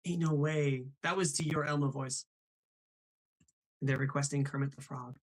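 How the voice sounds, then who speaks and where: A man's voice: mid-range voice, steady tone, normal speed, poor audio. A man hosting a live show, chatting about voice impressions in a bubbly way, laughing often and reading out viewer comments. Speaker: host.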